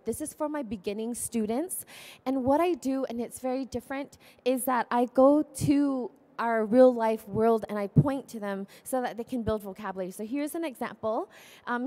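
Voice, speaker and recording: A woman's voice: a little high, a little mellow. A woman teacher with a Southern Californian accent, chattily walking through her teaching videos with lots of "um"s. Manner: chatty, filler-heavy, upbeat. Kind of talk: conference demo talk.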